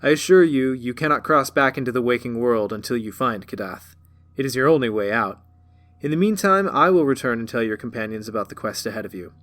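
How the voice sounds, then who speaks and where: A man voicing a cryptic, bored black cat that talks in a slow, quiet, sardonic drawl. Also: mid-range voice, lively intonation, lightly acted.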